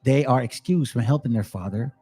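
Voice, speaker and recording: A man giving a casual, excitable scripture study, reading verses and then explaining them in slang, often repeating words. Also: medium pitch, brisk, breathy edge. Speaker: bible teacher.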